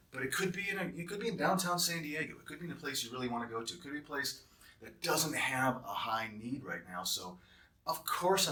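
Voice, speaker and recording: With a medium-pitched, fairly bright voice, this recruiter of travel nurses walks them through a job offer and rants, heated and emphatic, about the hourly pay breakdown. Roomy echo and a distant mic color the recording.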